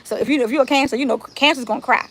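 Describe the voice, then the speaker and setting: A woman, telling a story on a live stream in casual, animated talk and swearing freely. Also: sits high, very fast, husky. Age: 30s. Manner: animated, swears freely, talks straight to viewers. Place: outdoors.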